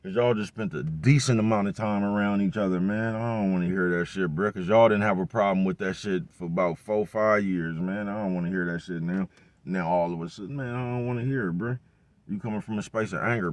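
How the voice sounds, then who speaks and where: A man, rambling in a casual monologue full of profane street slang and constant "bruh". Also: fairly low pitch. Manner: rambling, profane street slang, repeats "bruh" and "you know what I'm talking about". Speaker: vlogger.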